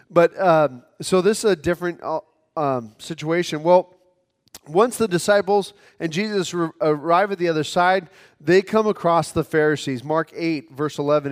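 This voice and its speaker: High-voiced preacher in a reverberant hall. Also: male voice. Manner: earnest, repeats words as he restarts. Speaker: pastor. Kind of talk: sermon.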